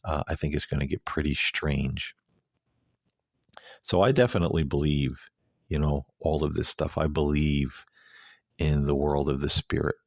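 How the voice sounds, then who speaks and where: A man's voice: a bass voice, steady tone, moderate pace, creaky, long pauses, dry recording, clean studio sound. A male host giving a rambling, hesitant, earnest solo commentary.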